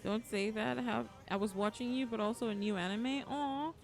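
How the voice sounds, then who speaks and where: Female streamer, slightly high voice, emotional and repetitive as she games; clear game music underneath. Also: moderate pace. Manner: emotional, repeats pleading phrases while playing. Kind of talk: live gaming stream chat. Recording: game music playing behind.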